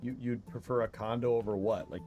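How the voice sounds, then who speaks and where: A man's voice: mid-range voice, fairly even intonation, brisk, dark tone, highs cut off, faint music behind. A man chatting casually as a guest on a co-op gaming stream, easygoing and hedging as he talks.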